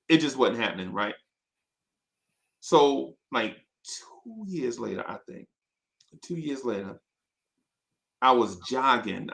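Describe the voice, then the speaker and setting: A man telling personal stories in casual chat, animated and full of fillers and asides. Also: mid-range voice.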